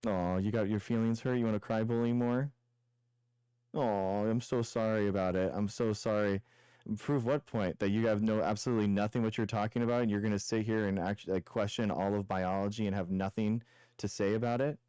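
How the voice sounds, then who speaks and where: A man's voice: fairly low pitch, steady tone, brisk, dark tone, clean tone, no room sound. A young man hosting a live stream, arguing with a caller in a combative, mocking way and repeating taunts. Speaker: show host debating callers. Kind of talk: heated live-stream debate.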